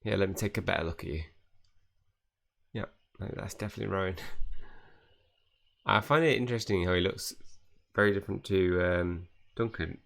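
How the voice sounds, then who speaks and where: Deep, gravelly young gaming vlogger. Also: male voice, moderate pace, pauses often. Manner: chatty, excitable, reading dialogue aloud. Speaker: gaming YouTuber. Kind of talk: casual game commentary.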